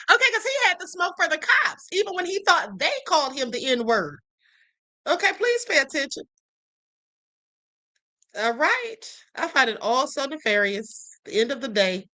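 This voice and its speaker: Bright high-voiced woman hosting. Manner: blunt, swears freely, laughs often. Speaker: livestream host. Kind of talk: casual chat.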